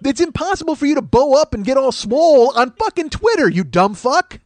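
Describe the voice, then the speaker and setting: Guy in his 40s ranting on his comedy podcast, high voice, swears a lot, dead dry sound. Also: sing-song, moderate pace, no room sound. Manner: profane, rambling, exasperated ranting. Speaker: podcast host. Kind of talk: comedic solo monologue.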